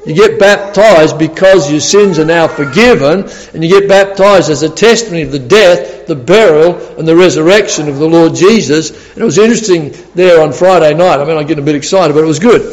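A man's voice: a little high, big-room sound, low-quality recording. A man preaching a sermon in a chatty, storytelling way, laughing often and repeating words as he goes.

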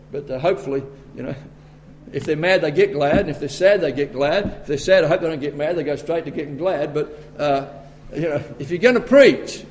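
An Australian man delivers a sermon from the pulpit, his voice sitting high for a man. He reads scripture slowly, then climbs into loud, emphatic warnings before settling back to a plainer teaching tone. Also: slight background noise. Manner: emphatic, rising to forceful bursts. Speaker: preacher.

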